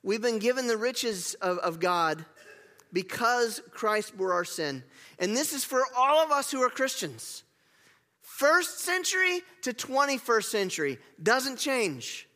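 A man preaching a sermon as pastor, animated and emphatic, with casual asides to the congregation. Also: very high voice, unhurried. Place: church sanctuary. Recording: long hall reverb.

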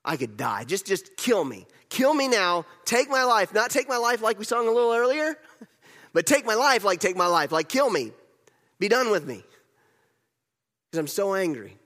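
A man's voice: medium pitch, expressive, unhurried, long pauses, a bit bright, big-room sound. A man playing Jonah as an angry, sulking prophet, telling his grievances in the first person in a sermon monologue. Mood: angry, despairing. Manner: petulant, exasperated storytelling in first person.

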